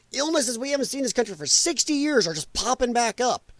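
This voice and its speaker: Male live-show host, high-pitched, heated and profane, dry close sound. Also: big pitch swings, fast talker, no room sound. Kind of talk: ranting live commentary.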